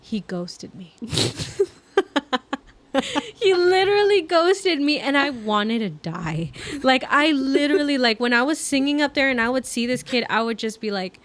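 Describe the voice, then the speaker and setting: A woman's voice: fairly high pitch, moderate pace, few pauses. A woman co-hosting a podcast, telling a story in casual chat, filling her talk with "like" and acting out the lines of others. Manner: animated storyteller, acts out quoted dialogue, many "like" fillers. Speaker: podcast co-host.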